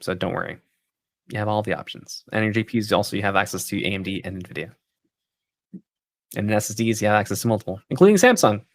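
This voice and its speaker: A man's voice: on the low side, animated, fast talker, long pauses, dry recording. A man hosting a casual livestream and answering viewer questions in an easygoing way. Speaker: PC company livestream host.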